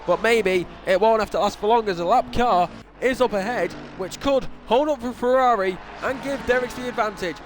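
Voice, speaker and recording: A man's voice: very high-pitched, brisk, slight background noise. A young man commentating a sim racing event live, casual and self-deprecating, often restarting his sentences. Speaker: race commentator.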